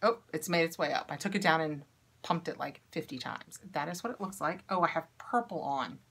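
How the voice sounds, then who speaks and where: Woman, unboxing vlogger, casual upbeat chat, thinking aloud, bright sharp tone. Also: deep voice, animated, fairly quick, slight background noise. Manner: chatty, upbeat, thinks aloud while testing products. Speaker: beauty product unboxing vlogger.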